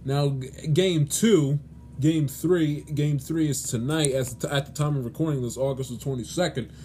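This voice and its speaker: A man's voice: on the high side, moderate pace, warm tone, a little hiss or hum. Exasperated man pleading in a sports rant. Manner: exasperated, pleading, many restarts and stammers. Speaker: sports podcast host. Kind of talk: solo sports commentary rant.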